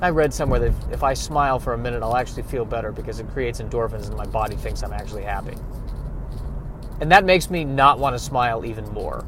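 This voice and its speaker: A man's voice: medium pitch, fast talker, noisy background. A man hosting a solo podcast, rambling in a wry, self-mocking way while he drives. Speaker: podcast host. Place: car, driving.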